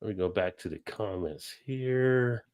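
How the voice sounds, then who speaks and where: A middle-aged man from New Jersey co-hosting a casual livestream, reading comments and ranting with big jumps in pitch. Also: unhurried. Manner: animated, jumps high in pitch when ranting. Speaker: livestream co-host.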